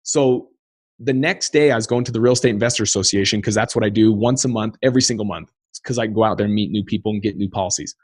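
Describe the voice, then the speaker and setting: This thirties-aged man, a guest on a podcast, speaks fast in a lowish voice with no echo. He relates something from his own life with earnest energy, performing each quoted line.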